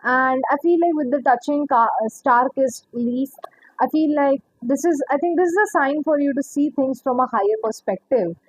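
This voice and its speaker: A woman's voice: high-pitched, normal speed, dry recording, low-quality recording. A young woman giving a casual tarot reading, rambling, laughing often and swearing casually. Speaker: tarot reader.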